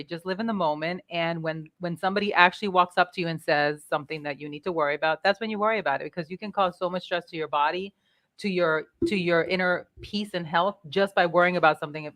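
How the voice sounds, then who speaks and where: A woman's voice: lowish voice, quick pace, fairly bright tone. A woman co-hosting a podcast who talks earnestly and gives advice in casual chat. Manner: earnest, advising. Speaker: podcast co-host.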